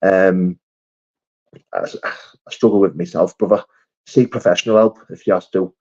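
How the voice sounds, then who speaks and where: A man hosts a casual live stream, answering viewer comments in a friendly, matey way. His voice sits fairly low. The audio is dull and lo-fi. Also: steady tone, normal speed, a little mellow. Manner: chatty, matey, calls viewers mate and brother.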